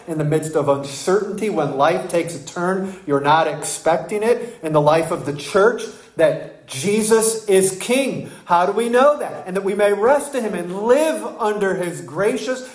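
A man's voice: a little high, roomy sound, poor audio. A man preaching a sermon in a church, emphatic and full of rhetorical questions. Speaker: pastor.

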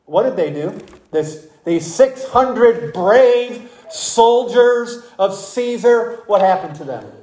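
In an echoey room, a preacher gives an expository sermon, speaking slowly and with emphasis while asking the congregation rhetorical questions. His voice is mid-range and darkish, with lively intonation.

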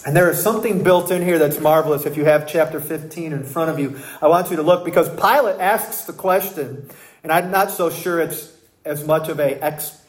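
A man's voice: a little high, echoey room, low-quality recording. A man preaching a sermon in a church, emphatic and full of rhetorical questions. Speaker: pastor.

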